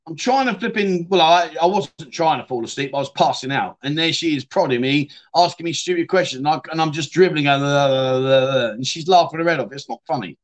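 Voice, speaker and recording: Talking a little fast and a bit high, with few pauses, this middle-aged livestream host from England has a Yorkshire accent. He casually reads viewers' comments aloud, addresses them as "mate" and "my friend," and frequently lets his sentences fade off quietly.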